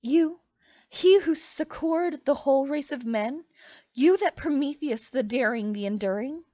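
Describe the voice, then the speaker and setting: A woman's voice: sits high, lively intonation, measured pace, mellow, no echo, muffled recording. A woman reading aloud, voicing a distraught young maiden turned into a heifer, pleading and anguished.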